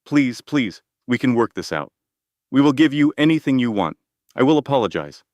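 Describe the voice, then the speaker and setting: A man's voice: mid-range voice, big pitch swings, moderate pace, darkish tone, no echo, lo-fi sound, pitched above the performer's own voice, lightly acted. A man voicing a proud older woman, a mother-in-law, speaking in a raised, pleading voice. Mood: begging.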